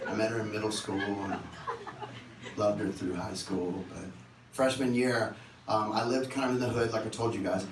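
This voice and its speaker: A man with a fairly low voice speaks at normal speed as he spins comic tales between songs at a concert venue, lively and doing character voices. The echoey room is recorded from afar, and the background is noisy.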